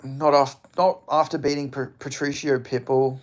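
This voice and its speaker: A young Australian man in a loose, unscripted livestream chat, rambling between thoughts and dropping curse words freely. His voice sits at an ordinary middle pitch for a man. He peppers his talk with fillers and small chuckles. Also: flat delivery, moderate pace. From Western Australia. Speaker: MMA commentator reading live chat.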